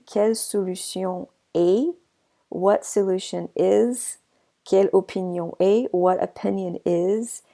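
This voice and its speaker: A woman teaching a French grammar lesson in English, reading example sentences slowly and carefully, with chatty asides and frequent rephrasing. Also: on the low side, vocal fry, dark tone.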